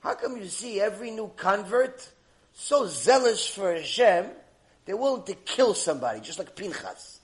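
A middle-aged man with a notably high voice delivers a mussar lecture. He rebukes his listeners with animated energy and slips into mocking bits of dialogue to make his point. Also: moderate pace. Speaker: Torah teacher.

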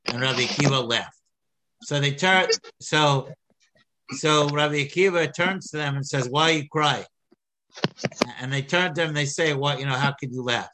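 A man giving an animated Torah lecture, full of restarts and repeated words. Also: medium pitch. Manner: animated, many restarts, mixes Hebrew and English. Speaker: rabbi teaching Torah.

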